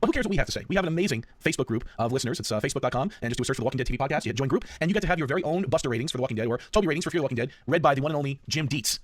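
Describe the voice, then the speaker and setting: A man's voice: medium pitch, expressive, very fast, hardly any pauses, no room sound. A man hosting a casual podcast, chatty and emphatic, often repeating himself. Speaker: podcast host.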